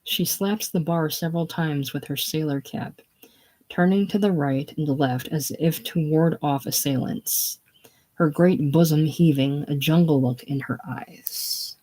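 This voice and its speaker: A reader calmly narrates stage directions in a casual play reading. The delivery is plain and matter-of-fact, at a middling pitch. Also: a little slow.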